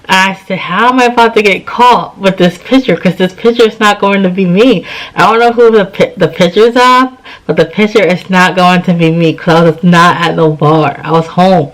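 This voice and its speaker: A woman's voice: fairly low pitch, moderate pace, rough recording. Tired woman telling a story casually. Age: 30s. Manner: chatty, retells scenes with quoted dialogue. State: tired, yawning. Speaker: vlogger.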